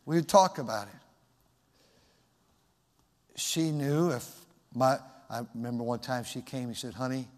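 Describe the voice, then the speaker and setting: A middle-aged man preaching from the pulpit, his voice at an ordinary male pitch. He speaks personally and conversationally, with pauses and restarts, and the sound trails off in a long church reverb. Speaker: pastor. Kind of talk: sermon.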